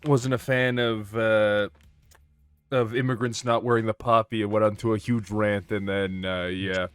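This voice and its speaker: A man's voice: fairly low pitch, flat delivery, normal speed, a bit bright, smooth, no room sound. A man co-commentating on a card game, chatting and joking with his fellow casters. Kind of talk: casual banter between commentators.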